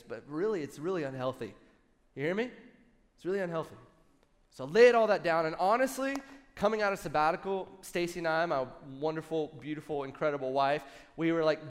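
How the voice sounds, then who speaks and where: A man in his thirties preaching a sermon in a somewhat higher voice. He tells his story with animated energy and turns to the congregation with quick asides. His voice carries a long reverb from a large church hall. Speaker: worship pastor.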